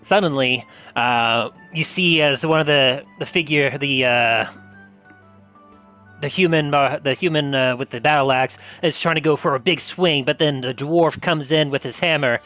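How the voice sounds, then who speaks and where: Game master guy rambling through a tabletop scene, kinda high voice, faint music. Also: moderate pace, bright, forceful tone. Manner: rambling, many fillers and restarts.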